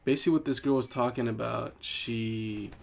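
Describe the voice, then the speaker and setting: A man's voice: mid-range voice, steady tone, moderate pace, creaky. A man co-hosting a podcast in casual chat, rambling with frequent restarts. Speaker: podcast co-host.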